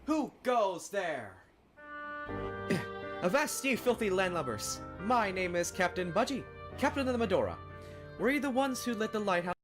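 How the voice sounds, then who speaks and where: A blustering old sea captain barks pirate slang in a hobby voice-acted fan story, as a performer puts him on. The voice swoops up and down with lively, theatrical delivery. Music plays clearly underneath. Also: mid-range voice, moderate pace, close to an everyday voice. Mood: gruff.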